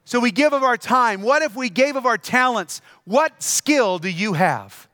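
A man's voice: very high-pitched, expressive, unhurried, pushed and bright, no echo, studio quality. A man preaching a sermon as pastor, telling stories and repeating key phrases for emphasis.

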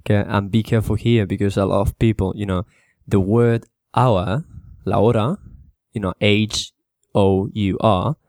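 A man with a fairly low voice teaches basic English vocabulary in a loose, chatty way. He slows down to model each word's pronunciation for Spanish-speaking learners. The sound is dry and close. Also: no echo. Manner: relaxed, repeats words slowly to model pronunciation, mixes in Spanish. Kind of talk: casual spoken lesson for Spanish speakers.

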